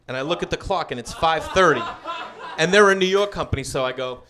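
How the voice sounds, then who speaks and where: High, lively male stand-up comic. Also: fast. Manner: acts out the other voices in the story. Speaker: stand-up comedian. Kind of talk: stand-up storytelling. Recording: live club crowd and noise.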